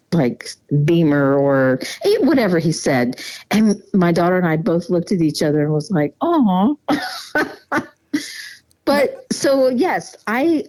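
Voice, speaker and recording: A middle-aged woman talks through family memories as a guest, stopping and restarting, often repeating a word before she goes on. Her voice sits a bit low and sounds mellow and warm. She laughs softly between stories. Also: low-quality recording. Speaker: donor mother, guest. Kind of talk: emotional personal storytelling.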